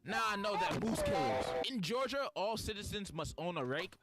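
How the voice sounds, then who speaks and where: A man's voice: high-pitched, big pitch swings, normal speed, very noisy. A young man streamer doing sarcastic, mock-outraged comedic commentary.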